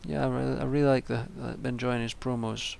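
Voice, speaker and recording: A man's voice: medium pitch, fairly even intonation, fast, gravelly, darkish tone, slight background noise. A young man giving casual, rambling solo commentary, with frequent ums and restarts. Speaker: wrestling vlogger.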